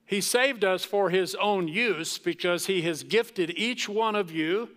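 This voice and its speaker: A man preaching a sermon as pastor, slow and emphatic, with dramatic pauses. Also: high-pitched, a bit bright. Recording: long reverb of a large hall.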